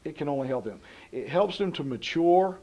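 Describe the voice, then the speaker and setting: A man, an educator, speaking slowly and emphatically in a documentary interview. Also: fairly high pitch, lively intonation, warm tone, muffled recording.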